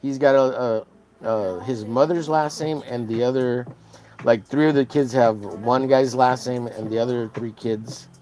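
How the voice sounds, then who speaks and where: A man's voice: mid-range voice, unhurried, a little mellow, soft background music, poor audio. A man from Texas with an American accent, chatting casually and rambling with crude jokes while drawing on a stream.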